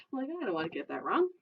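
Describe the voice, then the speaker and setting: Lively sing-song woman reading to kids. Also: lowish voice, gravelly, a little hiss or hum. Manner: lively sing-song read-aloud with frequent laughs. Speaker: children's librarian. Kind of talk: prerecorded children's storytime. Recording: distant dull mic in a room.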